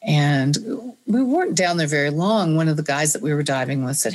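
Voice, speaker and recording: A woman guest in an interview, telling a personal story with animated, dramatic storytelling. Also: low-pitched, a little fast. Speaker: guest speaker.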